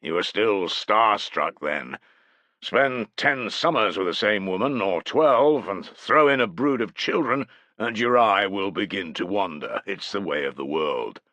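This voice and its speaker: A man voicing a hearty, bawdy male tribal host who leers and jokes loudly in an audiobook. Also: lowish voice, animated, measured pace, dry recording, voice pushed up. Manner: boisterous, leering. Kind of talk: audiobook character voice.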